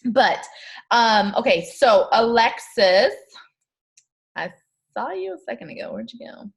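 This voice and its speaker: A woman's voice: on the high side, very animated, a little slow, creaky. A woman hosting a casual group call, chatty and upbeat with many filler words. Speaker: call host.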